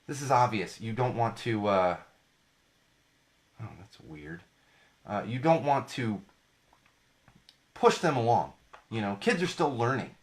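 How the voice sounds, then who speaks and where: A man's voice: mid-range voice, expressive, a little slow, pauses often. A young man hosting a podcast, talking casually about parenting with emphatic repetition and frequent fillers. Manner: emphatic, repeats points, many fillers and restarts. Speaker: podcast host.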